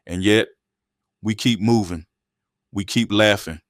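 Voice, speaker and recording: A man's voice: on the low side, a little slow, no room sound, clean studio sound. A man reading scripted commentary narration in a punchy, declarative way.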